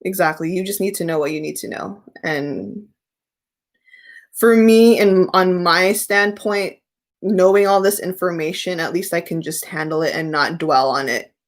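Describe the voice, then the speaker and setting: A woman's voice: fairly low pitch, unhurried. Chatty woman hosting a tarot live stream. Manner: chatty, candid, reads viewer questions aloud and answers them. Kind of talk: casual live stream chat answering viewer questions.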